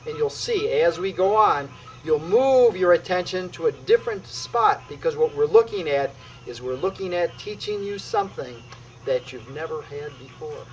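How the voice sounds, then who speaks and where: Middle-aged male qi gong teacher, upbeat and emphatic, voice on the high side, faint background noise. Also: moderate pace, dull audio. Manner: energetic, emphatic, punctuating moves with "boom". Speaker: qi gong instructor. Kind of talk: demonstrating exercises on video.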